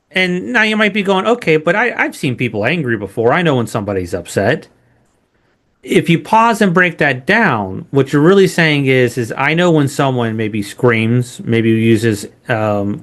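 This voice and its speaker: A man instructing a training lesson in a conversational way, often checking in with "right?". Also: medium pitch. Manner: conversational, frequent rhetorical "right?" tags.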